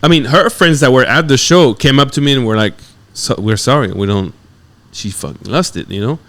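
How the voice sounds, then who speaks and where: A man with a French accent, a guest comedian telling animated stories on a podcast and acting out other people's voices. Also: medium pitch, fairly quick. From France. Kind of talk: casual podcast storytelling.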